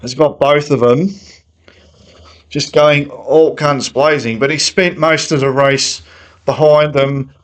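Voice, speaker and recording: A man with a fairly high voice and fairly even intonation talks slowly through a casual, opinionated motorsport analysis. He thinks aloud conversationally, like a fan commentator, and the recording is rough.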